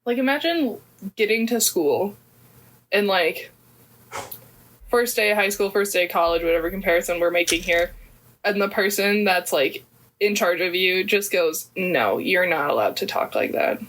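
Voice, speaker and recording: Woman, podcast co-host, casual discussion, mid-pitched voice, wry, opinionated. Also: moderate pace, long pauses, a bit bright, low-quality recording.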